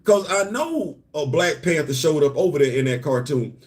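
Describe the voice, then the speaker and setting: A man whose voice is on the high side chats about comics at a normal speed. Hosting a comics and culture live show, he gives lively, casual solo commentary, tossing out rhetorical questions and repeating words as his argument builds.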